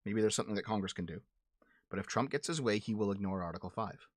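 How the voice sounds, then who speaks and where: A man's voice: on the low side, quick pace, dry recording, studio quality. Blunt, profane man ranting on a livestream. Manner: repeats and restarts words when heated. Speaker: livestream show host. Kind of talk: casual political commentary answering chat.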